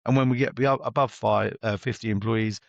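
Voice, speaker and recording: Gravelly man, middle-aged, blunt chatty business coach, dry close sound. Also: lowish voice, steady tone, brisk, no room sound. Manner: blunt, chatty, acts out exchanges with clients. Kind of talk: podcast interview guest.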